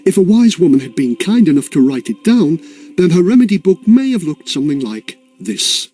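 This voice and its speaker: Male storyteller, playful and sing-song, high and lively. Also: normal speed, breathy edge, soft background music. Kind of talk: scripted narration for children.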